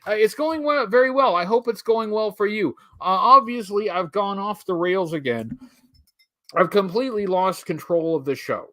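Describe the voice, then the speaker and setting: A man's voice: high-pitched, normal speed, pushed and bright, no room sound. A man hosting a live stream, chatting casually in a rambling, wry way and drifting off topic while he talks to viewers.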